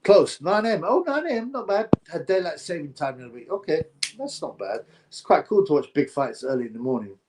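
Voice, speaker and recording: A man's voice: on the high side, sing-song, brisk, noisy background. A man hosting a casual live boxing stream, reading viewer comments aloud and giving blunt, opinionated, rambling takes.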